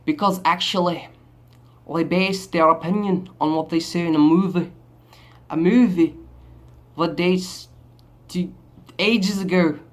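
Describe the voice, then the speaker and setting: A man voicing a preachy Scottish man with a Scottish accent, lecturing the lads loudly with rolled R's. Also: sits high, a little slow, pauses often.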